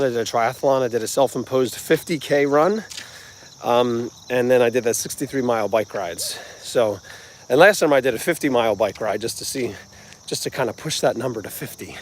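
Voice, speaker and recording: A man's voice: mid-range voice, slight background noise. A man with a New Jersey accent, hosting a live motivational talk in a rambling, earnest, conversational way. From New Jersey, United States. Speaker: music channel host.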